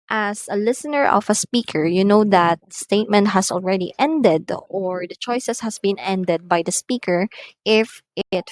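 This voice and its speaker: A woman's voice: medium pitch, dry recording. A woman teaching an English lesson, explaining patiently and exaggerating rising and falling tones in her example sentences. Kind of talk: slow scripted lesson reading examples.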